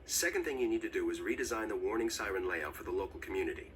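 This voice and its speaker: A man playing a gruff, cynical storm professor. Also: on the low side, lively intonation, fast, distant mic, slight background noise, lightly acted, poor audio. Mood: brusque. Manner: gruff, bitter and world-weary. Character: weary, cynical middle-aged male storm professor. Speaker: game character.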